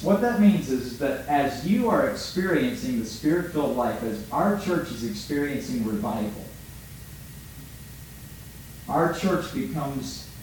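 A male pastor preaches emphatically in a medium pitch, posing questions to his congregation and swinging between loud and soft delivery. The audio is poor, with heavy reverb and a little hiss or hum.

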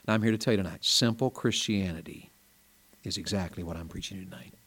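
A man's voice: low-pitched, fairly quick, husky. Folksy revival preacher man. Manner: folksy, storytelling, rising to loud emphatic peaks. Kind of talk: revival sermon. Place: small church.

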